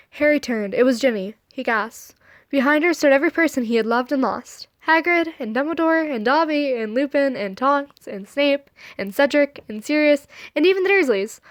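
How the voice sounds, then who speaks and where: A woman reads fan fiction aloud in a high voice. She often stumbles over words and backs up to try the line again. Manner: stumbling over words, restarting and laughing at the text.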